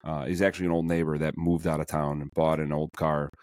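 A man hosting a podcast in casual interview chat, animated and full of fillers and restarts. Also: very deep voice, quick pace, no echo, clean studio sound. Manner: animated, many fillers and restarts, acts out quoted people. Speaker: podcast host.

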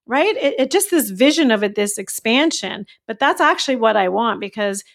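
A woman coach talking as a podcast guest, animated and acting out her own inner thoughts in quotes. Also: a little high, moderate pace, creaky. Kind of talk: casual podcast conversation.

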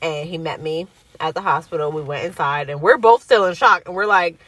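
A woman's voice: low-pitched, fairly quick, no echo. A young woman telling a personal story in casual chat, acting out the voices of the people she quotes. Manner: animated, acts out quoted voices.

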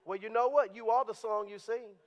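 A man preaching a sermon in a church, animated and conversational, at times rising to shouts. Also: sits high, fairly quick. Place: church sanctuary. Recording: dull, lo-fi sound.

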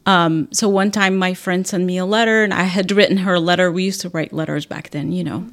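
A woman's voice: on the low side, brisk. Woman in her 50s from syria, chatty podcast guest, acts out the voices. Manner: animated, acts out quoted voices with laughter. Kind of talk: casual storytelling.

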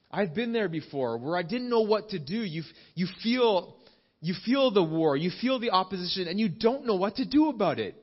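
Male pastor, 30s, high-pitched, earnest sermon delivery with call-outs to the congregation. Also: lively intonation, normal speed, muffled recording. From Canada. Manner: earnest, repeats phrases, asks the congregation "amen?". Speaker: preacher. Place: church service.

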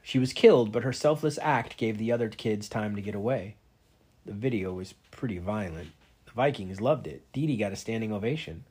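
A man's voice: lowish voice, lively intonation, brisk, darkish tone, slightly rough. A man reading a novel aloud, narrating steadily in the first person. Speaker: reader.

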